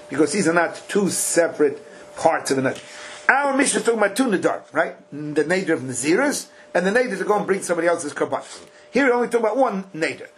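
A man with a fairly high voice gives a Talmud class. He chants the text and then breaks it down in casual, emphatic English, pushing his points with rhetorical questions. A faint hiss sits under the voice. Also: fairly bright tone. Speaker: Talmud teacher.

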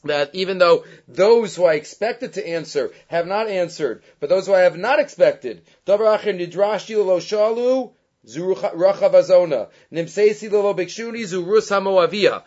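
A man with a high voice teaches a scripture lesson and works Hebrew terms into his English explanation. He acts out the lines he quotes with animation. The recording is dull and lo-fi. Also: moderate pace, darkish tone. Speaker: Torah teacher.

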